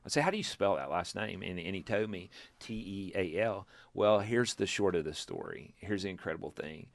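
Deep and marked by vocal fry, the voice belongs to a fifty-something church planter from Texas recounting his testimony at length in a relaxed group setting. He speaks at a normal speed, acts out dialogue, chuckles, and restarts often, with no room sound present.

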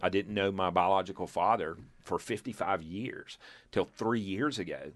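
A man's voice: sits low, moderate pace, dry recording. A man in his fifties from Texas, a church planter, telling a long testimony story in casual group talk, acting out quotes and chuckling. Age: 50s. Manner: animated storyteller, acts out quotes, chuckles, restarts.

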